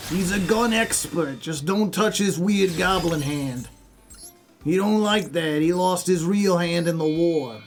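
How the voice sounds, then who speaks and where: A man's voice: sits high, unhurried, soft background music. A man streaming a card game, chatting casually and spinning silly rambling stories.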